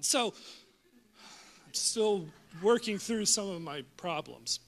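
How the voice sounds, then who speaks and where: A young adult man preaching a sermon in a church, jokey and animated, getting loud when riled up. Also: sits high, slow, gravelly, pauses often. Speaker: pastor. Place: church auditorium.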